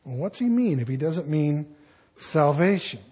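A middle-aged pastor preaching a sermon, husky, emphatic, slowing down and rising on key words. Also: male voice, a little high, lively intonation, a little mellow.

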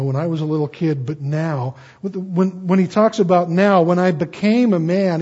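A husky, slightly high-voiced man preaching a sermon in an earnest, storytelling way, drawing out key phrases. The recording is dull and lo-fi. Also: dark tone. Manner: earnest, storytelling, slows for emphasis. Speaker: pastor.

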